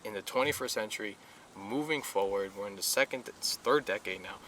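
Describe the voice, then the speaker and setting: Young male guest, earnest, low-ish voice, faint hiss. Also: fairly quick, a bit bright. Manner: earnest, repeats himself with many fillers. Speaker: guest, police recruit. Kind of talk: casual podcast interview.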